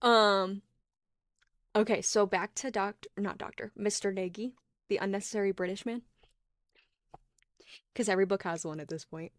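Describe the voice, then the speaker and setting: A woman's voice: medium pitch, steady tone, normal speed, long pauses, no echo. Casting note: giggly female podcast co-host, dry close mic. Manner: giggly, reads passages aloud. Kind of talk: casual book chat.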